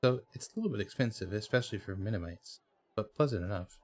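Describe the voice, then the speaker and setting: A man's voice: fairly low pitch, expressive, fast. A man voicing a tiny, chirpy, impatient winged sprite from a fantasy game, reading its lines aloud with small hesitations. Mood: chatty. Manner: read aloud with slight hesitations.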